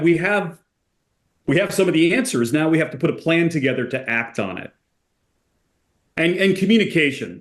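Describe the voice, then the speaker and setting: A man speaking as a company executive guest in a conversational podcast interview, relaxed, using many casual fillers and getting animated when he tells stories. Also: mid-range voice.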